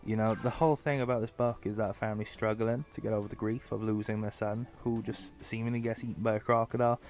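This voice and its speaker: A man's voice: fairly low pitch, fairly even intonation, fast, a little mellow. A man giving a casual, sarcastic book review. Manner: joking and sarcastic, with many fillers.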